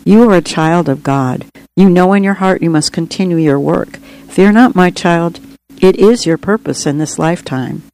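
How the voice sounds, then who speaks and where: A woman voicing a calm, wise male white dove who speaks in a matter-of-fact way in an audiobook reading. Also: on the low side, moderate pace, natural voice, low-quality recording. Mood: gentle.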